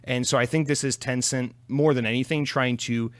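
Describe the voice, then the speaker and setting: A man's voice: medium pitch, steady tone, normal speed, dry recording. A man in his twenties hosting a casual solo podcast, rambling, profane and self-deprecating into a podcast microphone. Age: 20s. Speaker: podcast host.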